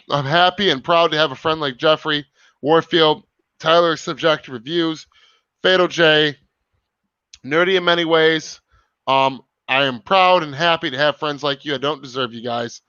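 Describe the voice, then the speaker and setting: A man's voice: fairly high pitch, bright, forceful tone, clear, resonant tone, no room sound. A young man hosting a casual livestream over a video call, talking emphatically and swearing often. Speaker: livestream host. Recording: dull lo-fi stream audio.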